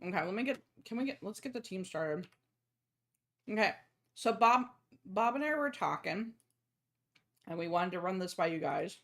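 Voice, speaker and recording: A woman's voice: medium pitch, normal speed, pauses often. Laughing, foul-mouthed woman streamer. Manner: laughs often, swears, lively storyteller. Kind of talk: casual gaming chat and joke telling.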